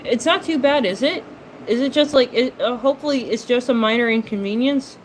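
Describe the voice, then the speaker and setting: A woman's voice: on the high side, fairly quick, a little hiss or hum, rough recording. A woman hosting a livestream in casual chat, responding to viewer messages aloud in a playful manner and laughing often.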